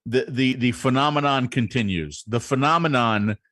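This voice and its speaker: A man's voice: medium pitch, normal speed, a bit bright, dry recording. A man co-hosting a casual live-stream show, teasing his partner in playful banter. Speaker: co-host.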